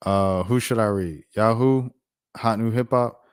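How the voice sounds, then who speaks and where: A young man hosting a sports commentary channel, reading news articles aloud and breaking off into animated, incredulous rants full of slang. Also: on the low side, measured pace, clear, resonant tone.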